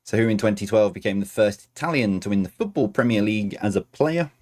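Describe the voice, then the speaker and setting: Male quiz host, lowish voice, reads questions and cracks self-deprecating jokes. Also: lively intonation, fast talker, a little mellow. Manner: chatty, self-mocking asides between questions. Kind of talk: reading quiz questions on a stream.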